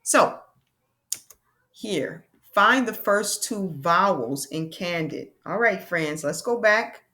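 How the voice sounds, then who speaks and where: Patient woman teacher, slightly low voice. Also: expressive, pushed and bright. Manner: patient, encouraging, calls the viewers friends, slows down to spell out sounds. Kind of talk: classroom lesson to young learners.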